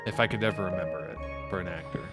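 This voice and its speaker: A man's voice: low-pitched, very fast, over loud music. A man co-hosting a podcast in casual chat, often hesitating while searching for words. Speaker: podcast co-host.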